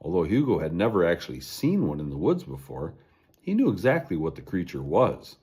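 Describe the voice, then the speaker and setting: Man, storybook narration, deep voice, husky, very lively intonation. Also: brisk. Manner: expressive reading aloud.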